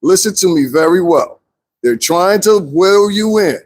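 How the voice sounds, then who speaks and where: A man's voice: high voice, a little slow. A man commenting casually on a live stream, talking straight to his viewers and laughing often. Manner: animated, talks straight to viewers, frequent laughs.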